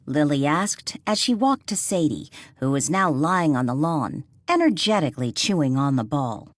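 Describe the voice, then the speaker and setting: A woman narrating an audiobook with expressive storytelling. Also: low-pitched, moderate pace, few pauses, no echo, clean studio sound. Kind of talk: scripted narration.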